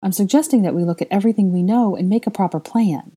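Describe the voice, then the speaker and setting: A woman's voice: fairly low pitch, lively intonation, quick pace, mellow, slightly rough. A woman voicing an earnest, bossy young witch who talks urgently and insistently.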